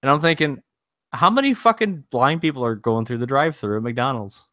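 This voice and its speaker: A man's voice: medium pitch, lively intonation, brisk, a bit bright, no echo, studio quality. A man in his thirties co-hosting a podcast, laid-back and casually profane, laughing often. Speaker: podcast co-host. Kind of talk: casual chat.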